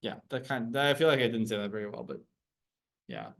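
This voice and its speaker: A man's voice: on the low side, wildly swooping pitch, fast, gravelly. Man teaching a probability class. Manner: explains step by step, self-correcting, asks the class questions.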